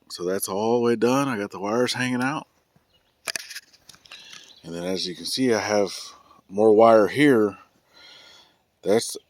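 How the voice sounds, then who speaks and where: A man's voice: mid-range voice, no echo. A man giving a casual vlog update outdoors on his homestead, sick and losing his voice, talking in an easygoing drawl with fillers and restarts. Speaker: family homestead vlogger. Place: outdoors on a rural building site.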